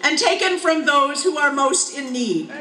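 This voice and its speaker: A woman's voice: high-pitched, animated, unhurried. A woman from Wisconsin, a union leader giving an impassioned rally speech outdoors and leading chants. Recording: echoey outdoor PA with loud crowd.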